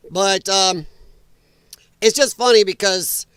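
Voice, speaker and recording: A man's voice: high voice, a bit bright, clean tone, no room sound. A man from Illinois hosting a political commentary livestream, ranting and sarcastic with crude language. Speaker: host.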